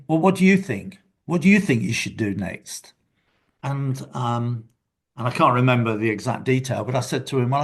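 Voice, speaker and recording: An older man, a guest in a casual interview, telling reflective stories from his working life. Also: medium pitch. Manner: reflective, anecdotal storyteller.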